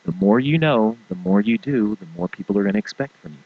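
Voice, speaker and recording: A man hosting a talk show, giving an animated motivational rant and mimicking people in funny voices. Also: fairly low pitch, fast, slightly rough, no room sound, phone-quality sound. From small-town farming family. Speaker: show host.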